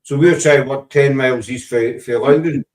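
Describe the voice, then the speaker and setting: Hosting a paranormal show, a Scottish man with a Glaswegian accent chats casually and rambles. His medium-pitched, steady voice moves briskly and sounds roomy, picked up by a distant mic.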